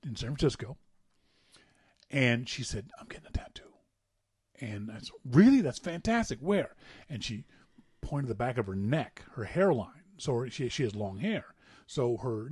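Male podcast co-host, animated storyteller, laughs at his own stories, dry sound. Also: mid-range voice, husky, no room sound. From Canada. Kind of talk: casual storytelling chat.

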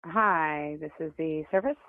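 A woman makes a prank phone call on a tinny, dry line. She speaks in a low voice and dodges questions with curt replies. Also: a little slow, no echo. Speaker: prank caller.

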